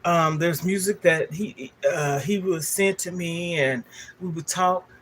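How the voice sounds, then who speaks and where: A woman's voice: on the low side, unhurried, a little hiss or hum. An older woman, a livestream host telling a candid, emotional personal story straight to her viewers.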